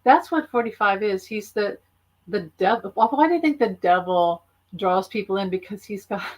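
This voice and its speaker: A woman's voice: mid-range voice, lively intonation, moderate pace, darkish tone. A woman talking casually on a live stream, rambling with frequent laughs and fillers. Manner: chatty, rambling, laughs often. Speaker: YouTuber and author.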